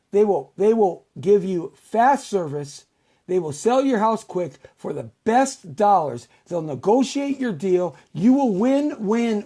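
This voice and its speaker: A man hosting his own show, rambling through casual sponsor pitches in a repetitive, salesman-like way. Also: dark tone. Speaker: show host.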